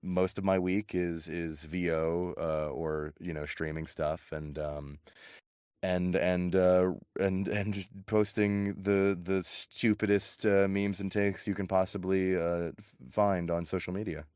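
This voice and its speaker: A man's voice: low-pitched, measured pace, clean tone, dry recording, clean studio sound. A man from the United States, a voice actor guest chatting casually on a podcast, telling stories with lots of laughter. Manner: laughing, animated storyteller.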